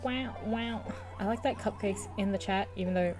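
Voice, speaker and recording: A woman's voice: mid-range voice, moderate pace, over music. A young woman streaming a video game, chatting casually and playfully with lots of giggles and rambling asides. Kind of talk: casual gaming stream chat.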